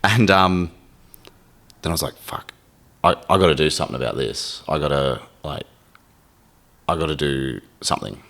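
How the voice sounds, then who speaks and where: A man's voice: extremely low pitch, animated, normal speed, gravelly, fairly bright tone. A man speaking candidly as a podcast guest, emotional and swearing freely, acting out his inner voice. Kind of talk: candid conversation.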